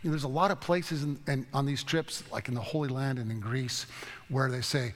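Leading a Bible study in a large hall, this man speaks briskly at a medium pitch with fairly even intonation. His teaching is informal: rambling, folksy storytelling full of restarts.

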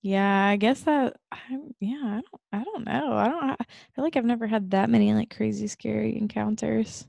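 Gravelly-voiced woman in casual chat. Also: on the high side, a little mellow, dry recording. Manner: halting, filler-heavy storytelling. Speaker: podcast co-host.

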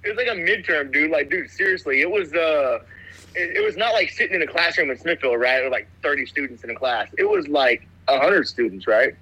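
A man's voice: fairly high pitch, animated, a little fast, bright, forceful tone, breathy edge, no room sound, highs cut off. A young man telling a rambling story in casual chat, laid-back, calling everyone "dude". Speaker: guest telling stories.

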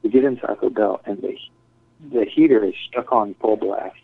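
A man's voice: lowish voice, normal speed, vocal fry. A man casually telling a rambling story full of swearing and acted-out quotes. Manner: profane, rambling, acts out quotes. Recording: tinny phone-like dry sound.

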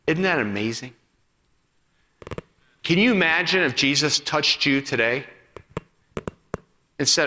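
Bright-voiced pastor preaching in a hall. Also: male voice, mid-range voice, measured pace, long pauses. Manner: animated storytelling, acting out voices, then hushed and intimate. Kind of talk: sermon. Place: church sanctuary. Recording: long reverb of a hall.

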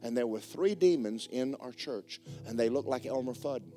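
A man preaching a sermon as the pastor of a church, telling a story in a lively way that swings between hushed and loud. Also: medium pitch, normal speed. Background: faint guitar music.

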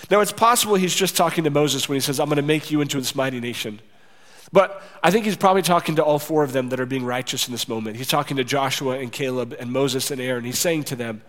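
A man's voice: a little high, fairly quick, fairly bright tone. A man preaching a sermon in a conversational way, acting out the voices he quotes. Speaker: pastor. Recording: long reverb of a large hall.

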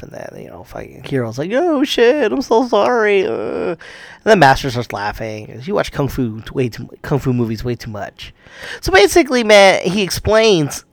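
A man's voice: mid-range voice, a bit bright, no echo, studio quality. A man casually retelling a kung fu movie plot, rambling and swearing, acting out the characters' lines. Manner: rambling, profane, acts out quotes.

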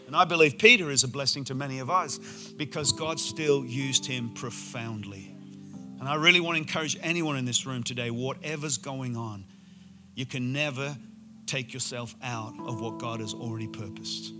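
A man's voice: mid-range voice, normal speed, music in the background. A man preaching a sermon to a congregation, telling the story with enthusiasm and playful asides. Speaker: pastor. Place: church auditorium before a congregation.

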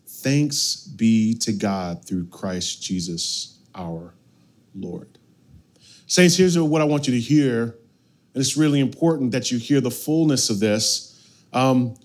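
A man preaching a sermon as pastor, animated, swinging from loud bursts to hushed lines. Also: mid-range voice, measured pace.

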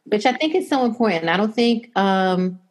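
A woman's voice: medium pitch, moderate pace. A young adult woman chatting casually and telling a long story, acting out what people said. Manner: animated storyteller, quotes herself and others in voices.

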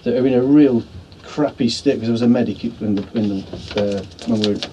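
Ex-military medic, man, mellow tone, rambling earnest storyteller, interviewed outside. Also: mid-range voice, brisk, slight background noise. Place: allotments outdoors.

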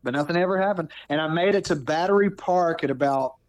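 A man in his thirties telling a personal story in casual talk, animated, often restarting and repeating words. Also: fairly high pitch, fast, dry recording. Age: 30s. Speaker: podcast guest.

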